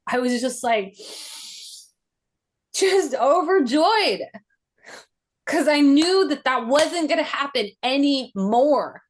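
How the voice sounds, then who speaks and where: Slow, reflective woman recounting a memory. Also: sits high, expressive. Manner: reflective and halting, with many "like" fillers. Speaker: podcast host. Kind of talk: personal recollection in a podcast interview.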